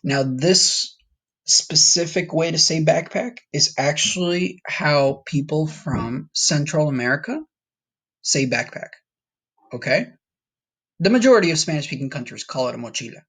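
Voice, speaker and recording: A man's voice: on the high side, expressive, unhurried, a bit bright, breathy edge. A man from Colombia teaching a Spanish vocabulary lesson in a casual, patient way, repeating words for students to practice. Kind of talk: recorded classroom lesson.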